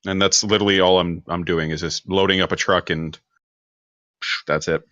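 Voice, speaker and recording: A man playing in a tabletop game, describing his action in a hesitant, halting way on a dull, lo-fi microphone. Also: low voice, steady tone, bright, forceful tone, no echo. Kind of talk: casual game table chat.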